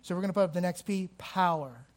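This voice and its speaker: A man preaching a sermon to a congregation, swinging between emphatic rises and slow, quiet stresses. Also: sits high, flat delivery. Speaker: pastor. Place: church hall with a congregation.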